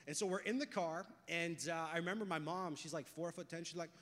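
A young man preaching a sermon, talking casually and telling stories, going from hushed to loud and excited. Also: on the high side, fast, hardly any pauses. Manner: conversational, storytelling, swings from hushed to loud and excited. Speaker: pastor. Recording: long hall reverb.

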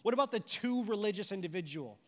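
A man preaching a sermon with animated storytelling and rhetorical questions. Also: sits high, quick pace, big-room sound. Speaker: pastor.

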